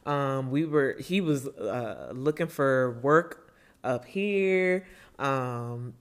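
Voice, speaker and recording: A woman's voice: a bass voice, animated, drawn-out words. A woman co-hosting a podcast, laid-back and chatty, laughing easily. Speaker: podcast co-host. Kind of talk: casual chat.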